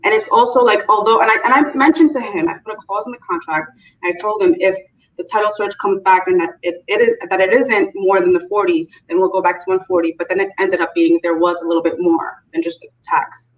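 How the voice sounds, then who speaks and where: Rambling woman on a distant, muffled line. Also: mid-range voice. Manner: fast, rambling, self-correcting storytelling. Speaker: guest, coaching student. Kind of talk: casual interview storytelling. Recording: distant muffled call audio with faint noise.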